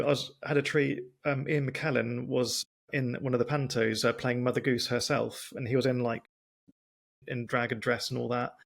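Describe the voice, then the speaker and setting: A man with an Oxford English accent hosting a podcast interview, speaking deliberately and carefully as he tries to keep a slow, clear pace. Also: medium pitch. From England. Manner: deliberate, careful pacing, works to speak slowly. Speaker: podcast host. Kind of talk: casual interview chat.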